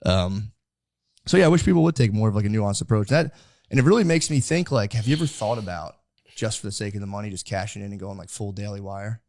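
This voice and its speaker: A young American man hosts a casual podcast interview, rambling and filling his speech with "like" and other fillers. His voice sits on the low side and sounds a little mellow, and he talks fast. The recording is clean studio sound with no echo.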